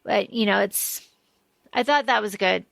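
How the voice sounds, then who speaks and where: A woman's voice: medium pitch, unhurried, gravelly, a bit bright, no echo. A woman co-hosting a casual book podcast, chatty and swearing freely as she acts out characters' lines. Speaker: podcast co-host.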